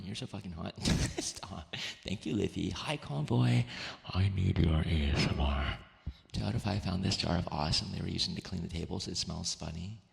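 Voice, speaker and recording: A man streaming as a VTuber, chatting softly and greeting his chat by name, with a giggly manner. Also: low-pitched, vocal fry, in a large hall. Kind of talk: soft-spoken stream chat.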